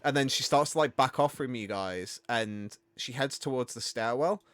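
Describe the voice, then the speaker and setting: A man's voice: medium pitch, normal speed, a bit bright, dry recording. Casual game master man, chatty. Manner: casual, chatty, many fillers and restarts. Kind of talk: narrating a tabletop game.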